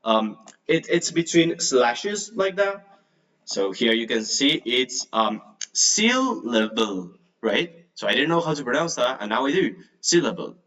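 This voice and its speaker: A man's voice: mid-range voice, expressive, measured pace, fairly bright tone. Chatty man teaching. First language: Spanish. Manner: chatty, filler-heavy, laughs nervously. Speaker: English teacher. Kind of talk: casual online lesson. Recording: distant mic, degraded audio.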